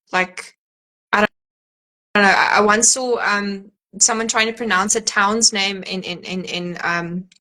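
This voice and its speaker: A bright, clear American woman's voice belongs to a guest on a casual podcast. She talks freely, laughs often and fills her pauses with ums. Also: medium pitch. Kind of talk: casual chat.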